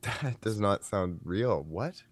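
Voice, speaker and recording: A man's voice: on the low side, lively intonation, slow. A man co-hosting a casual podcast, teasing and blunt, swearing freely. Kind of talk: casual chat.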